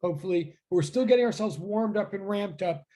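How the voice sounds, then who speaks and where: A man's voice: high-pitched, expressive, brisk, dark tone. A man teaching a physics class over a video call, chatty and self-deprecating, rambling as he greets his students. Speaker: physics instructor. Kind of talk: casual online class.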